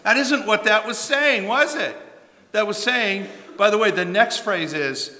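A man's voice: high-pitched, unhurried, pushed and bright. Older male pastor in a reverberant hall. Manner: conversational and emphatic, with rhetorical questions and asides. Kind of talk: sermon. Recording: long reverb of a large hall.

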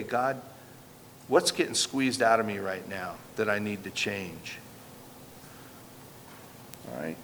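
A man preaching a sermon in an earnest, emphatic way, often turning to rhetorical questions. His voice sits a little high for a man. It rings with a long reverb over a faint background hum. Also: a bit bright. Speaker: pastor.

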